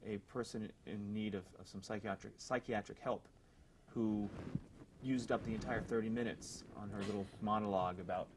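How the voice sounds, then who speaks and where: A man on a casual talk show panel, explaining things quickly. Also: on the low side, steady tone, noisy background.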